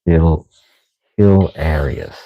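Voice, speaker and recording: Deep gravelly man chatting casually. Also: very slow, no room sound, lo-fi sound. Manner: joking, banters with viewers by name. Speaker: shop vlogger answering viewer questions. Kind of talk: casual chat.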